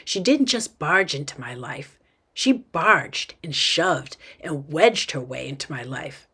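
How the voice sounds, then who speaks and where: A woman teacher reading a first-person novel aloud, with an expressive manner. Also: low-pitched, takes it slowly, slightly rough.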